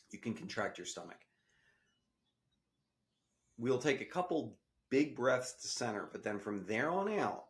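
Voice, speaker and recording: A man leading a guided breathing meditation, with slow, gentle instructions in casual wording. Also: on the low side. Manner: casual wording with small restarts. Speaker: meditation teacher.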